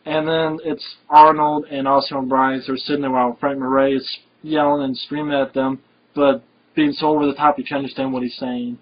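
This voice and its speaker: A man's voice: mid-range voice, flat delivery, brisk, a little hiss or hum. A man talking casually and enthusiastically about an action movie he loves, rambling with many fillers. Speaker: film reviewer. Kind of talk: casual film review chat. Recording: dull lo-fi recording.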